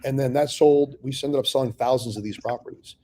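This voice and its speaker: A man's voice: mid-range voice, steady tone, a little fast, warm tone, slight background noise. A middle-aged man telling his own business story in a casual, profane way, acting out both sides of past conversations. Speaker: real estate investor telling his story.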